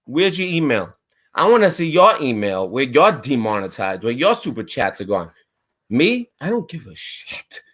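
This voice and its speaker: A man's voice: mid-range voice, very animated, normal speed, fairly bright tone, rough recording. A male livestream host delivering an angry, profane, confrontational rant straight at a viewer.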